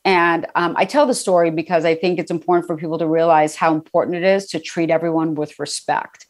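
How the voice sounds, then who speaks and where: A woman's voice: deep voice, steady tone, fairly quick. Chatty middle-aged woman telling a story. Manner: chatty, laughs often, many fillers. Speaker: guest. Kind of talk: casual interview storytelling.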